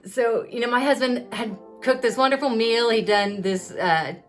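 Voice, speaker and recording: Her voice sits on the high side and moves at a moderate pace, with faint music in the background. A woman in her thirties, she talks openly to her viewers about her epilepsy in a confessional, conversational style with fillers.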